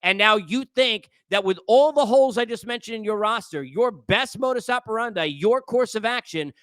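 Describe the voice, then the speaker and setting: Male sports talk host, high bright voice, exasperated lecturing rant, dry close sound. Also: normal speed, no room sound. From New York area. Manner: exasperated, lecturing, repeats phrases.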